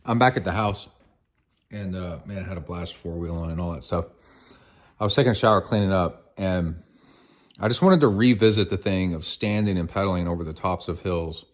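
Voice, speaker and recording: A man's voice: deep voice, a little fast. A man hosting an endurance sports podcast, chatting casually on the go with lots of ums and uhs. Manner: rambling, filler-heavy storytelling. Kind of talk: casual chat on the go.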